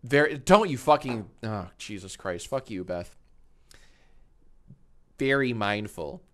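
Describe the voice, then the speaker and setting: A man in his thirties livestreams from a home studio with a green screen, tipsy on wine as he rambles casually, jokes and swears freely. His medium-pitched, fairly bright voice swings widely in pitch at a moderate pace.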